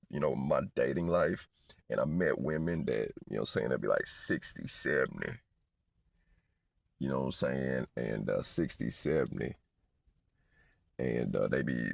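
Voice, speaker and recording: A man in his forties tells loose, slang-heavy stories, looping back on himself. His voice is extremely deep and gravelly with a husky edge. The delivery swings in pitch, and the sound is dry and close. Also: darkish tone, no echo. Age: 40s. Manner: rambling, slangy, repeats "you know what I'm saying". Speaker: vlogger. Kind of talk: casual storytelling.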